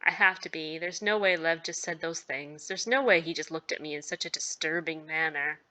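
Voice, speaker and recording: A woman's voice: low voice, normal speed, pushed and bright, voice pushed down. A woman reading a shy, nervous teenage girl's inner narration and dialogue from a story game, in an anxious, earnest way. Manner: anxious, self-deprecating, earnest. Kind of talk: reading visual novel narration.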